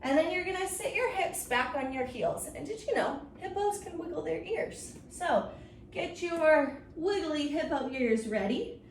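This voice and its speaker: A woman's voice: high-pitched, animated, a little slow. A woman leading a children's yoga story time, encouraging and playful, making silly animal sounds along the way. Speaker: kids yoga instructor. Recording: roomy, from a distance, faint noise.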